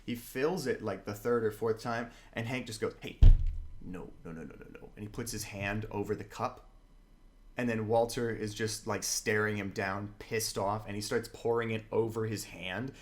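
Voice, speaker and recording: A man co-hosting a podcast in casual chat, an animated storyteller who acts out the scenes he retells. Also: lowish voice, normal speed, a little hiss or hum. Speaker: podcast co-host.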